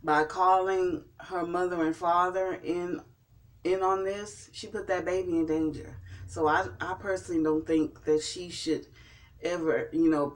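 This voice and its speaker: Guy doing a tv recap, kinda high voice, slow, keeps restarting his words. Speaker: TV show reviewer. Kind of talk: casual episode recap.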